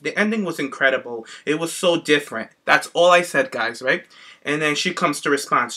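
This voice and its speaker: A man co-hosting a podcast, telling a story in a sassy, animated casual chat. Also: fairly high pitch, moderate pace. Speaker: podcast co-host.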